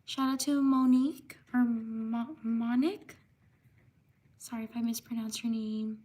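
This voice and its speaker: A woman hosting a live stream, reading out viewer names one by one with quick apologies for mispronouncing them. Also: a little high, level tone, a little mellow. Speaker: livestream host.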